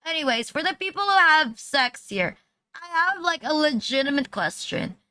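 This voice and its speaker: High, bright-voiced woman streamer rambling crudely. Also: big pitch swings, normal speed, dry recording. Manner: rambling and crude, heavy filler "like"; mocking, teasing banter with chat. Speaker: VTuber streamer. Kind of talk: casual livestream chat.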